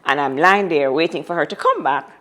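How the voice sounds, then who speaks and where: A woman guest recounts a personal story, and her voice sits on the lower side. She tells it dramatically and repeats key phrases to drive them home. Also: fairly quick, pushed and bright, a little hiss or hum. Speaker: interview guest. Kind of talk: telling a personal story in conversation.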